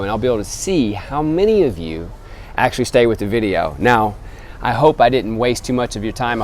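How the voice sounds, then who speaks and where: A man vlogging outdoors beside a temple, talking earnestly to camera as he calls his listeners gentlemen. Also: mid-range voice, slight background noise. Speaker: travel vlogger. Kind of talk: casual motivational talk to camera.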